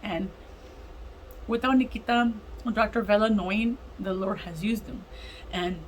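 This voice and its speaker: A woman casually telling a heartfelt personal testimony, animated and emotional, acting out what others said. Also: medium pitch, moderate pace, slight background noise, rough recording. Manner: animated, emotional, acts out other people's lines. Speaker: vlogger sharing a testimony.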